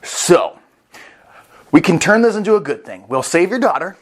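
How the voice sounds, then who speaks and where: A man's voice: on the high side, expressive, moderate pace. A man playing a pushy, scheming government elder.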